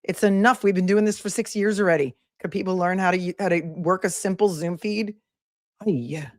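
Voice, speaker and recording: A woman's voice: mid-range voice, steady tone, brisk, a little mellow, no echo. Sarcastic woman attorney, dry close sound. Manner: sarcastic, emphatic, scolding. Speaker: attorney and legal commentator. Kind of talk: live legal commentary.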